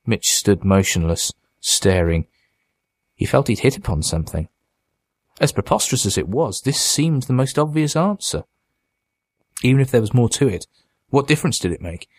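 A man narrating a horror story in a measured, dramatic audiobook reading. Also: mid-range voice, lively intonation, husky, no echo, studio quality.

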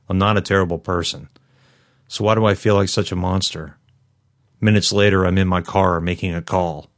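A man narrating a first-person story in a measured, somber way. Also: low voice, steady tone. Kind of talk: first-person fiction reading.

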